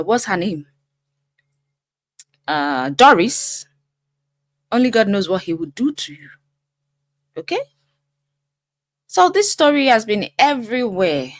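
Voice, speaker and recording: A middle-aged woman hosting her own channel as a life coach, talking straight to viewers in an expressive, emphatic way. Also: mid-range voice, takes it slowly, long pauses, no echo. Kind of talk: casual commentary to camera.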